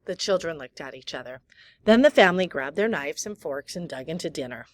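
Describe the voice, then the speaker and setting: Calm lower-voiced woman reading aloud. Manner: calm, unhurried reading with small slips. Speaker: audiobook reader. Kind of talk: reading a children's novel aloud.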